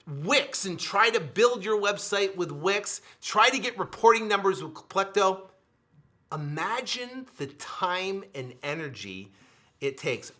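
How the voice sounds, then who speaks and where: Emphatic, bright-voiced man selling software. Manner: repetitive, emphatic, with sudden drops to a low mutter. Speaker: host pitching his software. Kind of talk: energetic sales pitch.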